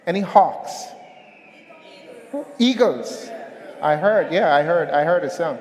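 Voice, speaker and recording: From a hotel conference stage, the keynote speaker tells an animated story and asks the audience to answer back. His high voice swings widely as he speaks slowly, with long reverb from the big hall trailing each phrase.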